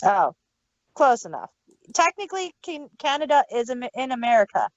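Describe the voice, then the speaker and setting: Woman, high animated voice, joking quips, dry dull lo-fi sound. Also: moderate pace, no echo. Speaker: podcast co-host. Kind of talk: casual chat.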